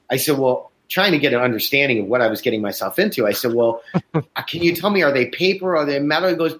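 A man's voice: medium pitch, quick pace. A man in casual conversation as a host, telling anecdotes and acting out the other people's voices. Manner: animated storyteller, acts out voices in anecdotes. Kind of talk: casual chat. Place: Chicago, USA.

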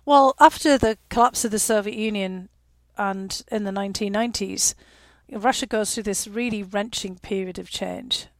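A woman in her fifties from northeast England, with a Northeast English accent, answering interview questions in a reflective way, often filling pauses with "you know" and laughing wryly. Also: mid-range voice, no room sound. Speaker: guest.

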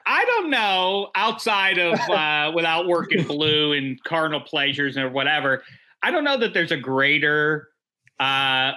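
A man's voice: fairly high pitch, animated, measured pace, bright, forceful tone. A man co-hosting a podcast in casual, rambling chat. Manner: playful, rambling, drifts between topics. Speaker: podcast co-host.

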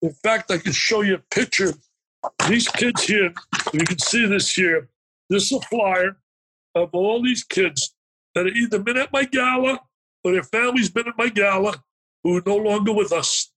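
A man, a motivational speaker, telling an emotional story as an interview guest, animated and emphatic, acting out the dialogue as he goes. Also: sits high, normal speed, slightly rough, poor audio.

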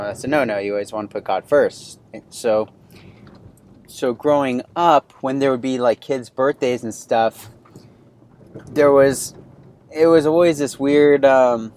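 A man in his thirties hosts his own podcast and talks through a story with a loose, meandering flow. He circles back, trips over his words and fills his pauses with "um" and "like". His pitch sits at an ordinary middle height, and a faint hiss runs underneath. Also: darkish tone. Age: 30s. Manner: rambling, many fillers and restarts. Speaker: podcast host. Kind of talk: casual personal storytelling.

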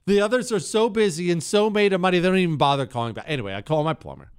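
A man's voice: sits high, expressive, racing, slight background noise. A man hosting a talk show, ranting sarcastically in a casual monologue into a studio microphone. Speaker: radio talk show host.

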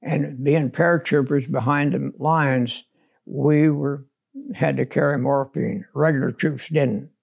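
An older man with a gravelly, rough-edged voice tells his war memories plainly and bluntly. He speaks as a veteran being interviewed for an oral history, matter-of-fact and unsentimental. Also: medium pitch, fairly even intonation, measured pace, darkish tone.

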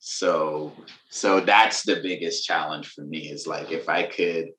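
Deep, relaxed man, casual interview guest, echoey room. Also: a little slow. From Venezuela. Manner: relaxed, laid-back slang, laughs between thoughts. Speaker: musician and author guest.

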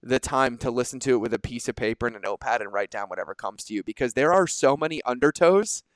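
A man hosting a podcast in casual conversation, energetic and animated, swearing freely and acting out quoted exchanges. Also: mid-range voice, quick pace, smooth, no echo. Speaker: podcast host.

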